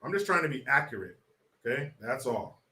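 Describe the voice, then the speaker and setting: A man's voice: medium pitch, sing-song, a little fast, sharp tone. A man from California hosting a live-stream commentary show, brash, profane and sarcastic. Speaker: political commentary host.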